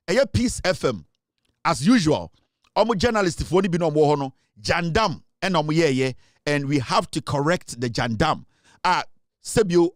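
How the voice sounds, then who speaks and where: A man's voice: a little high, dry recording, clean studio sound. A man with a Ghanaian accent hosting a political talk show, lecturing emphatically in commentary. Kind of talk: political commentary mixing English and Twi.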